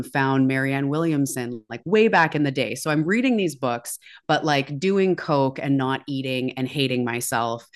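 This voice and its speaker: A woman speaking as a podcast guest, candid and confessional as she tells her own story. She talks openly, throws in curse words without hesitation and keeps a loose, conversational flow. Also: extremely low pitch. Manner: frank, swears freely, confessional.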